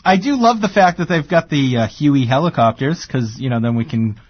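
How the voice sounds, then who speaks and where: A man's voice: mid-range voice, lively intonation, normal speed, dry recording. A man with a Boston accent hosting a radio show, chatty and rambling with plenty of fillers and laughs. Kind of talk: casual radio chat. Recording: dull lo-fi radio broadcast.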